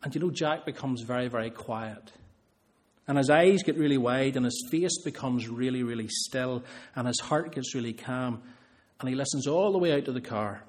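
A man's voice: medium pitch, normal speed, a little mellow. A man preaching a sermon, earnest, building emphasis through repeated phrases.

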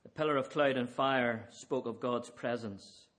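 A man's voice: mid-range voice, a little slow, a bit bright. A man preaching an evening sermon, earnest and emphatic, pressing his listeners with repeated rhetorical questions.

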